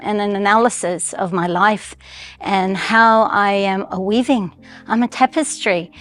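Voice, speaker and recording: A woman in her sixties from Colombia, with a Colombian Spanish accent touched by a slight American twang, telling her life story in a reflective, heartfelt way. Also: mid-range voice. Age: 60s. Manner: reflective, heartfelt, with thoughtful pauses and restarts. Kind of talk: personal storytelling.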